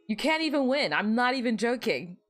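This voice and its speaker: A young woman streamer chatting casually and rambling, her voice a bit hoarse, with lots of restarts and self-deprecating asides. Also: on the high side, very animated, a little fast, fairly bright tone, soft background music. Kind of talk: casual livestream chat.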